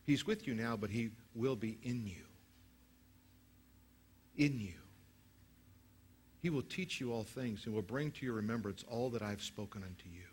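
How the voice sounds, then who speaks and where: A male pastor preaching a sermon to his church. He swings between loud, emphatic passages and low, hushed prayer, and leads the congregation in saying prayers aloud. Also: moderate pace, pauses often, slight background noise.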